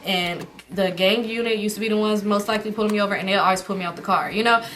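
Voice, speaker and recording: Young woman, quick bright storytime rant, swears a lot. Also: mid-range voice, a little hiss or hum. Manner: animated, profane, quotes friends in her own voice. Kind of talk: casual storytime monologue.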